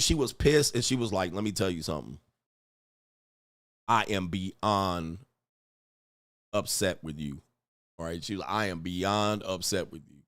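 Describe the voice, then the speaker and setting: A man's voice: medium pitch, a bit bright, no room sound. A man on a livestream telling a rambling story in crude language, laughing often and checking in with "all right?". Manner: profane, laughs often, acts out quoted voices. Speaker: streamer and fitness coach. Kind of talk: casual opinion rant and storytelling. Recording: dry close mic.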